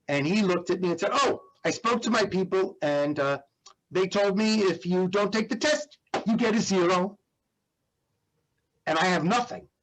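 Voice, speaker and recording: Man, middle-aged, husky voice, higher pitch, storytelling, fillers, acts out quotes. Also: rough recording. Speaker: guest speaker. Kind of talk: storytelling in a Q&A talk.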